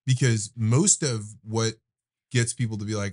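A man hosting a podcast, telling stories about fatherhood in a reflective way and often shifting between quick and slow delivery. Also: on the low side, steady tone, darkish tone. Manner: reflective storyteller, eager, speeds up and slows down. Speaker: podcast host. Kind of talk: casual conversation.

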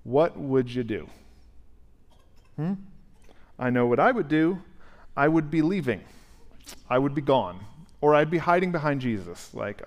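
A male pastor preaching a conversational, animated sermon and asking the congregation questions in a church sanctuary. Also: medium pitch, unhurried, pauses often.

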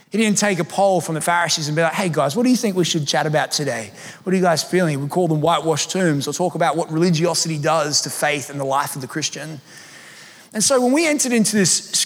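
A man in his thirties preaches in a high voice, telling stories casually and poking fun at himself. His voice rings out with a long reverb from a church hall. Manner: conversational, self-deprecating storytelling. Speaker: pastor. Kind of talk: sermon.

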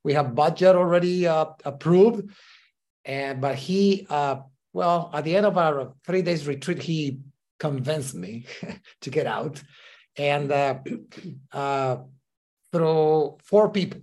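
A man with as his tells his story as a podcast guest. He leans on lots of "uh" fillers and acts out the voices of the people he quotes. His voice sits a little higher than most men's. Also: slow pace, a little mellow. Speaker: ministry leader, guest. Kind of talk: casual interview storytelling.

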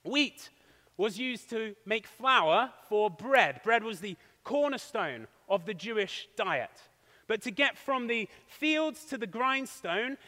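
High bright pastor in a reverberant hall. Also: male voice. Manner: explanatory storytelling with a demonstration. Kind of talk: sermon.

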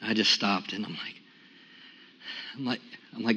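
Bright-voiced pastor preaching in a hall. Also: male voice, normal speed. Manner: testimony builds from quiet and hushed to loud and high. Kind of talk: sermon. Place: church sanctuary. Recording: echoey church sanctuary.

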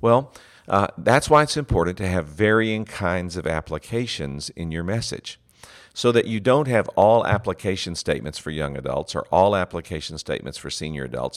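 Brief: low-voiced middle-aged male preaching instructor, earnest lecture, punches key words. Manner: earnest, emphatic, stresses single words. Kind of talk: teaching lecture on sermon writing.

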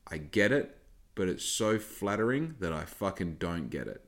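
A man's voice: deep voice, big pitch swings, moderate pace. A young man hosting a podcast, talking in a casual, rambling way and swearing freely as he tells a story. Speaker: podcast host and small business owner.

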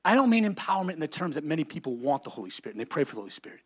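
A man preaching a sermon as pastor, building to shouted lines and calling on the congregation to repeat after him. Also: a little high, sing-song, very fast, hardly any pauses, husky. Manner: preaching, often rising to shouts, calls for congregation responses.

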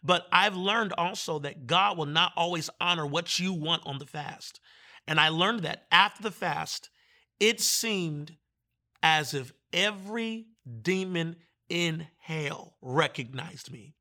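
A man from Virginia, a guest minister, telling his testimony in conversation in an animated way and acting out the voices he quotes. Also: a little high, slow pace.

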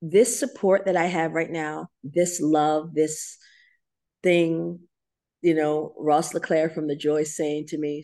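Emotional, animated woman storyteller, low voice. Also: slow. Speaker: guest choreographer and dancer. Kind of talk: podcast interview.

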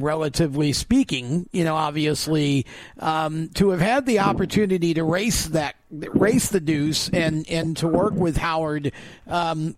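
A man's voice: high voice, dry recording. A man in his fifties hosting an interview, asking long, winding questions with fillers. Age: 50s. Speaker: podcast host.

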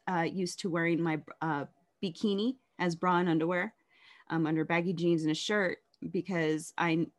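A woman telling her life story in an interview, candid and reflective, often halting and restarting. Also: fairly low pitch.

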